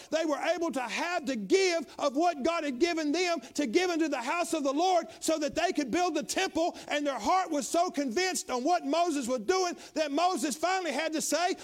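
A middle-aged man preaching a sermon as a pastor, dropping to quiet tones and then rising to loud exhortation. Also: very high voice.

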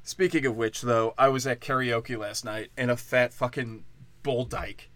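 A man's voice: mid-range voice, steady tone, unhurried, fairly bright tone, no room sound. Guy on a comedy podcast going off, swearing a ton, sarcastic, loses his train of thought, dead dry mic. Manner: crude, profane, sarcastic; off-the-cuff, loses his thread. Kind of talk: rambling comedic rant.

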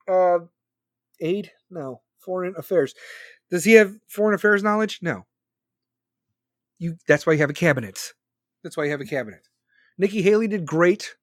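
Brief: forties man, podcast host, high-ish voice, blunt and foul-mouthed, dry close sound. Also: dry recording. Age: 40s. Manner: profane, blunt and ranting. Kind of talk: casual political rant.

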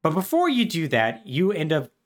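Brief: male podcast co-host, lively pitch, wry, rambling recap. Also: normal speed. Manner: chatty and wry, full of fillers. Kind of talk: casual plot recap.

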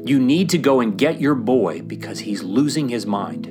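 A man talking about faith in a casual, animated way, often acting out the voices he quotes and using fillers like "like". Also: medium pitch, normal speed, music in the background. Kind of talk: casual sermon-style chat.

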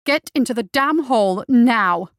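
A woman voicing Justice, a fierce blind female death marshal with a sharp, commanding way of speaking. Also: fairly high pitch, expressive, moderate pace, no echo, studio quality, pitched above the performer's own voice. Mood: furious.

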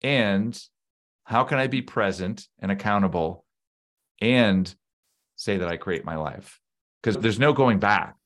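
A man's voice: lowish voice, measured pace, pauses often, fairly bright tone. A man co-hosting a casual podcast chat, reflective and explaining his ideas with everyday examples.

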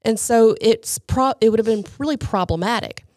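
A woman's voice: a little high, normal speed, darkish tone, dry recording, studio quality. A woman co-hosting a casual Bible study podcast, chatty and a little rambling, with self-deprecating humor. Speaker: podcast co-host.

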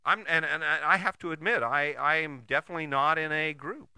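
A man's voice: fairly high pitch, brisk, pushed and bright, clear, resonant tone, no room sound, studio quality. A man giving a blunt, profane, emphatic motivational monologue, full of rhetorical questions and restarts.

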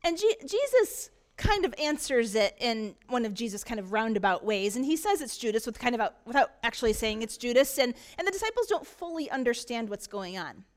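A woman's voice: fairly high pitch, sing-song, brisk, hardly any pauses. A woman pastor preaching a sermon in a church, retelling a story earnestly with frequent restarts.

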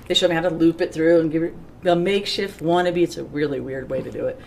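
A middle-aged woman on a podcast telling lively stories, acting out the voices of the people in them, with folksy slang and a sarcastic streak. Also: low-pitched, fast talker, gravelly, a little hiss or hum. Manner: self-described sarcastic. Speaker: podcast guest. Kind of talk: animated storytelling.

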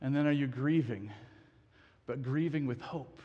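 A man's voice: medium pitch, measured pace, in a large hall, muffled recording. A man in his thirties preaching a sermon, earnestly asking the congregation questions and often restarting his sentences. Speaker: pastor.

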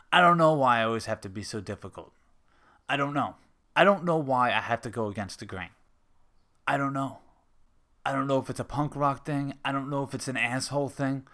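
A man's voice: medium pitch, sharp tone. A man in his thirties hosting his own show, talking frankly and casually, swearing often and questioning himself. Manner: frank, profane, self-questioning. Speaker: podcast host. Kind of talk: casual personal monologue.

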